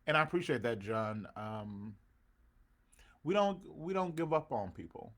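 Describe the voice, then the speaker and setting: Very animated but a little slow, this man's mid-range voice carries a casual livestream where, as pastor and host of an online show, he greets viewers by name and rises into preacher-like swells with his congregation.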